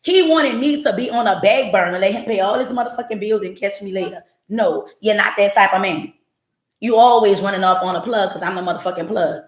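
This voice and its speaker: A woman with a mid-range voice speaks briskly in an echoey room, using a home livestream setup. She's a podcast host telling her story to her chat bluntly and with swearing.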